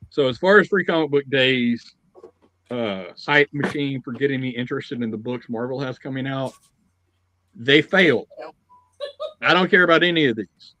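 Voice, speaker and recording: A man's voice: mid-range voice, fairly bright tone, dry recording. A man giving a blunt, opinionated comic review in casual chat, swearing freely. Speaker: podcast guest.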